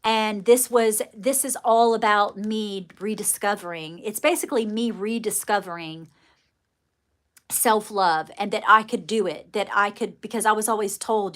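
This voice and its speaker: Speaking at a moderate pace in a medium, slightly bright voice, this children's book author hosts a casual livestream with a light, adopted British RP accent. She gushes warmly, frequently saying little and calling her viewers darling.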